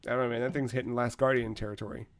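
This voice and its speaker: A man hosting a casual gaming podcast, relaxed and loose, swearing now and then. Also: mid-range voice, rapid-fire. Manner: laid-back, swears casually. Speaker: podcast host.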